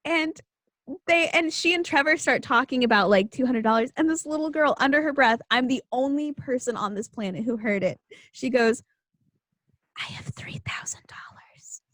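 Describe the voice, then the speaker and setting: A young woman hosting a podcast, telling stories in a casual, animated way and acting out the voices of the people in them. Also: high voice, fairly quick, no echo. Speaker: podcast host. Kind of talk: casual storytelling chat.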